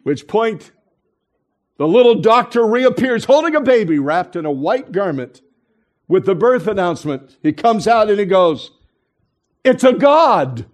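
High-voiced man preaching an animated sermon. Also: normal speed. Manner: animated storyteller acting out children's voices, dropping to soft hushed tones. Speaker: pastor. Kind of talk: sermon storytelling. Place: church.

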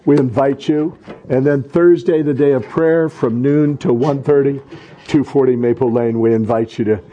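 A middle-aged pastor preaches at normal speed with a mid-range voice and fairly even intonation, the audio sounding dull. His sermon is fervent and repetitive, swelling into loud exhortation and stumbling into restarts on asides.

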